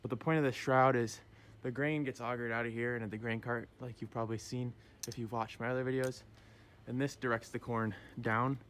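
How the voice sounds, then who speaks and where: A man's voice: medium pitch, flat delivery, brisk, a bit bright, a little hiss or hum. A young man, a farmer, talking casually to the camera in a vlog with chatty, joking asides. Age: young adult.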